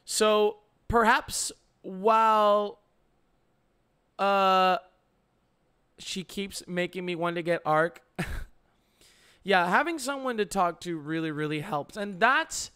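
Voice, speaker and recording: A young man hosting a live stream, chatting casually with viewers on a headset mic, halting with many fillers and restarts. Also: high voice, lively intonation, bright, forceful tone, clear, resonant tone. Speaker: streamer host.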